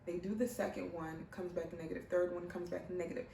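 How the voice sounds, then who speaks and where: A woman's voice: on the low side, a little fast, creaky, a little hiss or hum. Pregnant woman telling a story. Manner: animated, acts out other people's lines. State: heavily pregnant. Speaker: vlogger. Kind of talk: casual storytelling to camera. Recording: roomy, mic at a distance, faint ambience.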